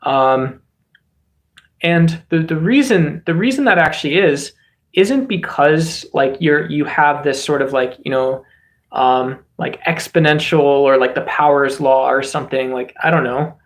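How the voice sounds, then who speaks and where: Rambling American man, fairly high voice. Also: measured pace. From United States. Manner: rambling, many fillers and restarts. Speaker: streamer host. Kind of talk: casual political commentary.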